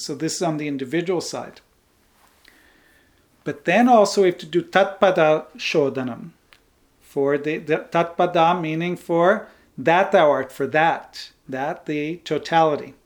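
A man giving a spiritual teaching talk on Vedanta. He speaks unhurriedly, chuckles lightly as he explains, and often closes a point with a soft "right?" or "like this". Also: on the high side.

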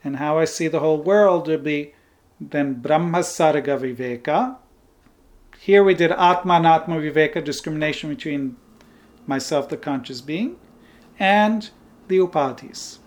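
A man with a slightly high voice gives an unhurried spiritual teaching talk, explaining ideas patiently. He laughs lightly as he goes and rounds off his points with a gentle "right?" or "like this". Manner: unhurried, often ends points with a soft "right?" or "like this". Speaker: Vedanta teacher.

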